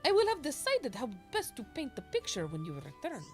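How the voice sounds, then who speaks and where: A woman voicing a gentle female artist from a machine race in a video game, reading the lines aloud in a put-on accent. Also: high-pitched, huge pitch swings, brisk, soft background music, voice pushed up.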